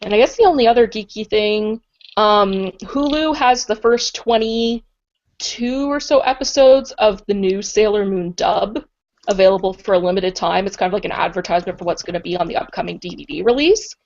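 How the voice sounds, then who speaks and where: A woman's voice: mid-range voice, normal speed, a little mellow. A woman co-hosting a podcast in casual chat, chatty and enthusiastic and often saying "like". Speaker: podcast co-host. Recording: dull lo-fi podcast audio.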